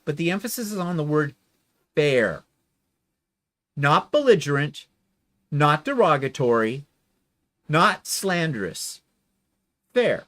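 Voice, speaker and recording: Sarcastic, animated male quilting host. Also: on the high side, slow pace, long pauses. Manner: sarcastic and theatrical. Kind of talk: casual livestream chat reading viewer comments.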